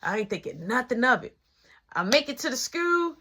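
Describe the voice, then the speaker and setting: Woman telling a story, slangy and animated, bright sharp voice. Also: a little high, normal speed. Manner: animated, slangy, acts out every voice. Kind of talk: casual storytelling.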